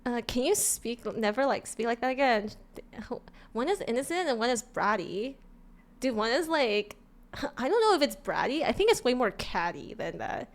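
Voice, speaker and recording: A woman's voice: fairly high pitch, big pitch swings, moderate pace. A woman from California with a Californian accent, chatting casually on a live stream in a bubbly, giggly way, often stumbling over and repeating her words.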